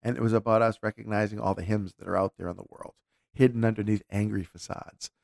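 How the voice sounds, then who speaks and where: A man's voice: lowish voice, fairly even intonation, fast, creaky, darkish tone, no room sound, clean studio sound. A man talking casually and candidly, reflecting aloud as he tells a personal story with frequent restarts.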